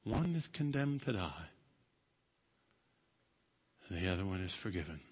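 A male pastor preaching a sermon and telling a story dramatically, swinging between loud and hushed. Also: low-pitched, very animated, a little slow, breathy edge. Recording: long reverb of a large hall.

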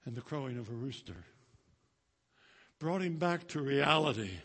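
A male pastor preaching a sermon and telling a story dramatically, swinging between loud and hushed. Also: medium pitch, animated, normal speed, slightly rough. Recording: long reverb of a large hall.

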